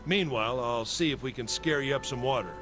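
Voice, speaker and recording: An actor playing a gruff male caravan master, a weathered frontier veteran who gives blunt, folksy warnings. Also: medium pitch, a little fast, a bit bright, natural voice. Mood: practical. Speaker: caravan leader. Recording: game audio under music. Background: game music.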